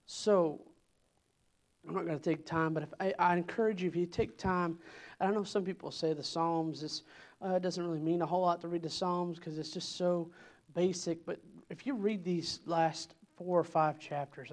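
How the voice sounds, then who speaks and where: A man preaching a sermon at a church service, emphatic and repetitive, building his lines up in pitch and loudness. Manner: emphatic, repeating phrases with swells in pitch and volume.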